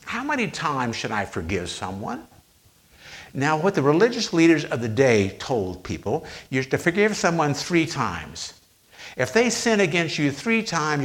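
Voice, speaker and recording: A man preaching a sermon, retelling scripture with slow, emphatic pauses on quoted lines. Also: on the high side, a bit bright.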